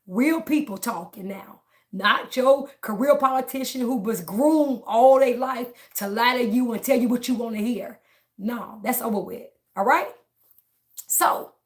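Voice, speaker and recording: Emphatic woman livestreamer, fairly high voice. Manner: emphatic, repeats phrases, talks straight to viewers; laughs between lines. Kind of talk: casual livestream monologue, preaching.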